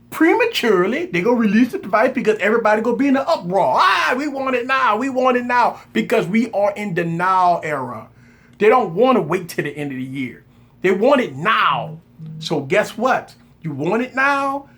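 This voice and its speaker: Male live-stream tech host, high and lively pitch, preachy and repetitive, calls out chat by name. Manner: animated, preachy, shouts mock reactions; repeats phrases for emphasis, greets viewers by name.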